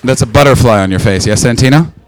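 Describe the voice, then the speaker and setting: Brash Canadian stand-up comic. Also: male voice, medium pitch, quick pace, a crowd in the background, noisy background. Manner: loud, bantering, crude. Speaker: stand-up comedian. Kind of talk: stand-up crowd work. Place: comedy club.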